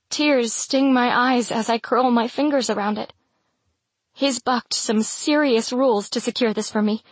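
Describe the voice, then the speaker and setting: A woman narrating a first-person romantic fantasy audiobook in an intimate, measured storytelling voice. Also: a little high, slightly rough, no echo.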